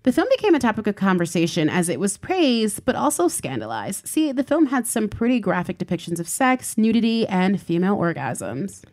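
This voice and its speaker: A woman's voice: medium pitch, sing-song, brisk, few pauses, darkish tone. A woman co-hosting a casual podcast chat, telling a life story with dry, teasing asides. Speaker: podcast co-host.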